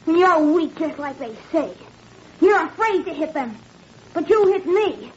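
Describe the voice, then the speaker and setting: A woman playing a confused, defiant young boy who speaks shrill and insistent, near tears, in 1940s radio acting. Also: big pitch swings, measured pace, exaggerated voice. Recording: dull 1940s radio broadcast, faint hiss.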